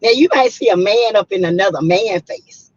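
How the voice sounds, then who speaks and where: Hoarse, husky woman in her fifties hosting a chatty livestream, muffled lo-fi sound. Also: medium pitch, normal speed, a little mellow. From South Carolina. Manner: chatty, greets viewers by name, emphatic. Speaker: livestream host. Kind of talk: casual livestream chat. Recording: muffled lo-fi audio.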